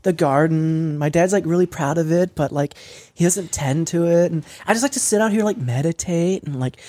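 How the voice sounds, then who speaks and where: A man's voice: fairly high pitch, normal speed, warm tone, natural voice. A man mimicking a spoiled young female influencer in a put-on British accent, drawling with lots of filler words. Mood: dreamy. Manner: drawling, valley-girl fillers, self-absorbed.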